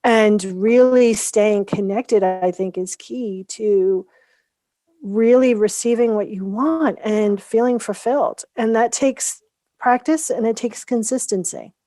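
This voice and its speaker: A woman guest in a casual interview, telling her story in an animated way and acting out the lines people said to her. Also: fairly high pitch, slow, no echo. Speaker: guest, founder of a coaching method.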